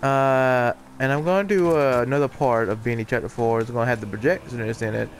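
A man's voice: mid-range voice, steady tone, fairly quick, faint music behind. A young man casually commenting on his own play, rambling and mocking himself. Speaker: gaming channel host.

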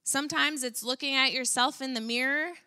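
A woman delivers a sermon in a relaxed, talky way, her voice bright and ringing. She sits a little high in pitch and keeps the message lively. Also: brisk. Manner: conversational, animated preaching with fillers. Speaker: preacher. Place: church.

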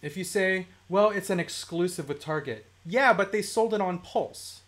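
A man's voice: high voice, normal speed. A man hosting a casual livestream, ranting with frustration and reading viewer comments aloud. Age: adult, works a day job. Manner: animated, ranting, reads chat comments aloud. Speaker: toy collecting livestream host.

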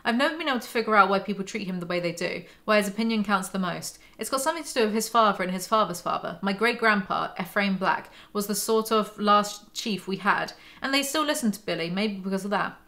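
A woman's voice: mid-range voice, expressive, fast, few pauses, pushed and bright. A woman hosting a book breakdown, reading passages aloud and adding sarcastic, mocking asides. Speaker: book commentary host.

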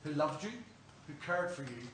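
Irish male preacher, earnest sermon, slightly higher voice, echoey church, distant mic. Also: moderate pace. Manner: earnest, questioning, storytelling. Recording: roomy church, distant mic, faint hum.

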